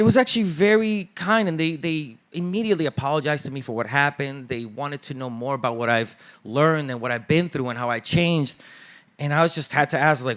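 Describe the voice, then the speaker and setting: A man's voice: on the high side, fairly quick. A man telling a personal story live on stage at a story slam, casual and slangy, acting out family members' lines. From Dominican family background. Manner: animated, acts out family members' lines in raised voices; casual street slang and swearing.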